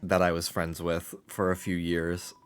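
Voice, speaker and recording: A young adult man chatting excitedly while streaming a video game, laughing often and swearing casually. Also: low voice, measured pace, clear, resonant tone. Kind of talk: casual let's-play commentary.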